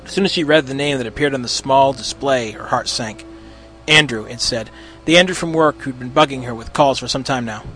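A man narrating a story in an expressive reading. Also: medium pitch, fairly quick, faint music behind. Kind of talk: storybook reading of fan fiction.

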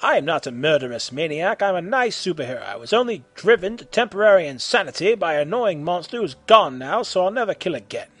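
A man doing an earnest, naive monster superhero, husky high voice. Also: very animated, fast talker, few pauses, a bit bright, exaggerated voice. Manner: earnest, refers to himself by name. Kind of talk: amateur audio story reading.

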